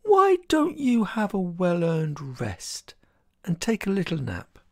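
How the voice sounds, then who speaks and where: A reader voicing a crafty, fretful little female chick in a storybook, with a high, chirpy voice and a breathless, pleading way of talking. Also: huge pitch swings, slow, vocal fry, a little mellow, full character voice. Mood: sly. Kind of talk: storybook character voice.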